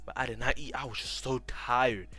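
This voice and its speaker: A man's voice: mid-range voice, steady tone, moderate pace, pushed and bright, slightly rough. Slangy African-accented man telling a story. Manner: slangy, profane, rambling with tag questions. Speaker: YouTube storyteller. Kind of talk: casual storytime vlog.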